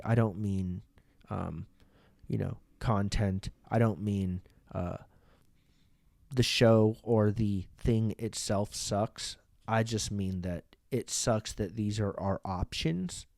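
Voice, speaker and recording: A podcast host with a fairly low, slightly mellow voice speaks slowly into a studio microphone, delivering a casual comedic monologue that rambles, swears, and restarts often. The recording is dry and studio quality.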